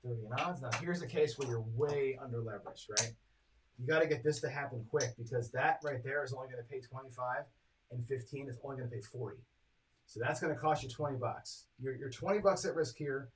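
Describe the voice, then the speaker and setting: A man's voice: medium pitch, brisk, slight background noise, poor audio. A man hosting a live craps stream, chatting casually as he calls each roll and totals up his bets for viewers. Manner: chatty, reads dice rolls and tallies bets aloud; talks to chat viewers directly. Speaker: craps strategy host.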